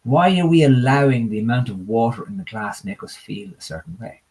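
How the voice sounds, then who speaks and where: A man speaking as a coach in a conversational interview, an animated storyteller. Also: mid-range voice, brisk, slightly rough. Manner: animated storyteller, tells parables with acted villager voices. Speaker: guest coach.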